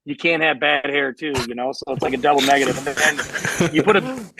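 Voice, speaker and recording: A man's voice: fairly high pitch, fairly quick, background noise. A man in his thirties, a racing guest telling long self-mocking stories in a casual interview. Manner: rambling, self-mocking storyteller.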